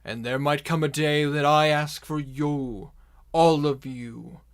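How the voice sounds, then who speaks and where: A man voicing a menacing male avatar spirit in a tabletop game, speaking slowly and ominously. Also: a little high, steady tone, clear, resonant tone. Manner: slow, drawn-out, louder ominous delivery.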